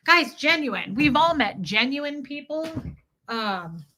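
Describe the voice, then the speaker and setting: Young woman streamer, bright and slightly high voice, rambling casual storyteller who keeps greeting chat. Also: animated, slow pace. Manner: rambling, chatty, greets viewers mid-story. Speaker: live streamer.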